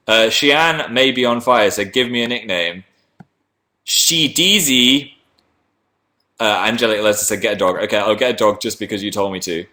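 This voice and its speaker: A man with a bright, clear voice chats casually on a livestream. He reads out viewer messages and wanders off on tangents in a rambling, self-deprecating way, pitched at a middle, ordinary level. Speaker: livestream host.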